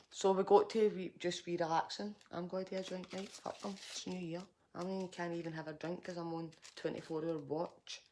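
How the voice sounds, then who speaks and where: A middle-aged Scottish woman telling a profane, agitated story to camera in a personal vlog. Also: low voice. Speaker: vlogger.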